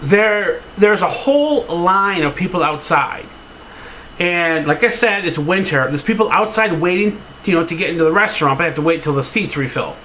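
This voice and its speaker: Male vlogger, high bright voice, rambling and filler-heavy, openly sentimental, casual cursing. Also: expressive, normal speed, slight background noise, poor audio. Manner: open, sentimental storytelling. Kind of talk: casual to-camera vlog.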